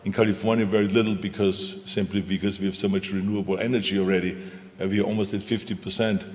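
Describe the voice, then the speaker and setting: An older man with a low voice delivers an onstage talk in an emphatic, folksy way, repeating punchy lines for effect. His voice rings out in a large hall with a long reverb tail. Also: little pitch movement, fast. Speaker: guest speaker, former governor. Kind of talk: onstage conversation. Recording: echoey hall.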